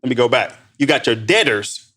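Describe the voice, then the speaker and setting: A man from Missouri, a podcast guest telling stories in a casual, animated way and calling the host bro. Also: medium pitch, a little fast. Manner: animated, says bro a lot. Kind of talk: casual storytelling.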